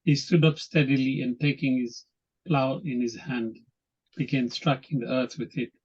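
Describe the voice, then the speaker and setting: A man reading scripture aloud for a class in an even, steady way. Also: medium pitch, normal speed, breathy edge. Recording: dull lo-fi audio.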